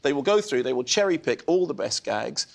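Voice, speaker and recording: A man in his fifties, a film critic guest on a TV chat show, telling animated, self-deprecating stories. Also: mid-range voice, a little fast, creaky. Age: 50s. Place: TV studio.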